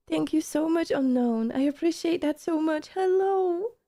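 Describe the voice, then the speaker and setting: A woman's voice: high voice, measured pace, dark tone. A woman streamer in casual reaction-stream chat, gushing and emotional, repeating her thanks over and over.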